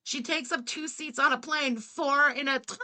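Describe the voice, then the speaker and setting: A woman's voice: sits high, steady tone, normal speed, bright, forceful tone, a little hiss or hum. An English-speaking woman doing blunt, sarcastic live-stream reaction commentary, swearing freely. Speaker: streamer reacting to another creator.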